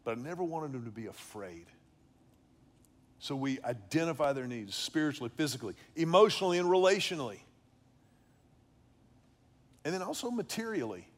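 A man's voice: on the high side, sing-song, moderate pace, pauses often. A middle-aged man giving an earnest faith-based teaching on fatherhood, often repeating and restarting words. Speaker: preacher on fatherhood.

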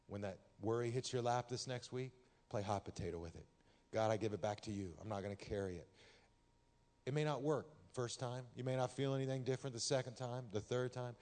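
A pastor from Texas delivers a sermon in a relaxed, joking manner, often swelling to loud, animated bursts as he tells stories. His voice sits at an ordinary middle pitch for a man. The sound carries a long reverb from a large hall. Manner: conversational, humorous, gets loud and animated in anecdotes.

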